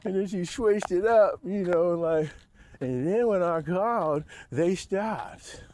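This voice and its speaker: A man's voice: slow, a little mellow, a little hiss or hum. A man talking to camera in a profane, rambling monologue, often chuckling to himself. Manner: profane, rambling, laughing to himself, mocking high voice for quotes. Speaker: vlogger.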